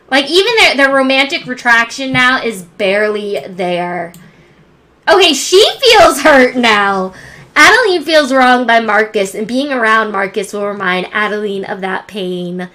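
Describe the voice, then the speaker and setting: A woman's voice: fairly high pitch, pushed and bright. A woman narrating her life-simulation game play in a chatty way, thinking aloud with many restarts. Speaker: gameplay narrator. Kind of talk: let's play commentary.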